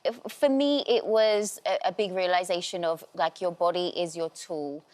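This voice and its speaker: A woman guest speaking earnestly and haltingly, with fillers. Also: lowish voice, darkish tone. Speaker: guest, dance show contestant.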